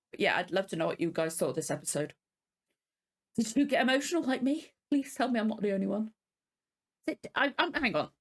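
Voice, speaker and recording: A woman, teary and emotional, rambling and gushing with many restarts as she hosts a reaction vlog. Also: a little high. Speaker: reaction channel host. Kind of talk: casual reaction vlog chat.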